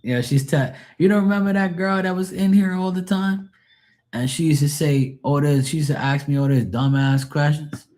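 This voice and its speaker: A man's voice: on the high side, moderate pace. A man reading tarot on a live stream, telling blunt, profane stories in casual chat and mocking the people he quotes. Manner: animated, mocking quoted voices.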